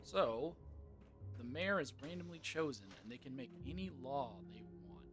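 A man's voice: mid-range voice, animated, normal speed. A man giving casual let's play commentary with musing asides. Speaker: gamer. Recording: game music playing underneath.

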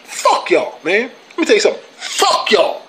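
A man on his own sports vlog, ranting hard with swearing and a combative edge. His pitch leaps up and drops down constantly as he works himself up. He trips over and repeats words when he gets heated. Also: wildly swooping pitch, moderate pace, bright, forceful tone, a little hiss or hum, rough recording. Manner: heated, profane, confrontational ranting. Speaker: channel host.

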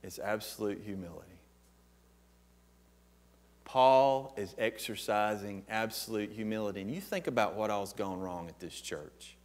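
A man's voice: lowish voice, measured pace. A man preaching a sermon as pastor, emphatic and posing questions to the congregation.

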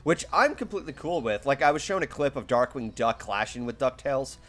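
A man streaming a video game, chatting casually and excitedly with a co-host, swearing freely and laughing often. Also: medium pitch, brisk. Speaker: let's play streamer. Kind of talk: casual gameplay chat.

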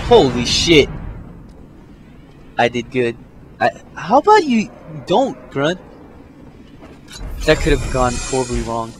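A young man doing let's play commentary, swearing a lot and swinging from low mutters to panicked yelps. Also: a little hiss or hum. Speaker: gameplay commentator. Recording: game music under the voice. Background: game music.

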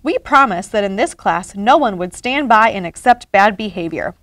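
A woman voicing an outspoken schoolgirl who speaks softly but firmly, while reading a storybook aloud. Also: mid-range voice, expressive, normal speed, no echo, clean studio sound, close to an everyday voice. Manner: soft but firm.

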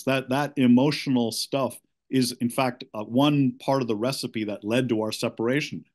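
A middle-aged man seeking coaching, giving a candid, halting account of his marriage with many restarts. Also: medium pitch, steady tone, a little mellow.

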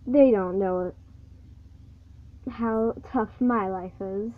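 Brief: woman reading as a glum storybook dog, slow and thin-sounding. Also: medium pitch. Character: gloomy, put-upon male cartoon dog. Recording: tinny phone-like recording.

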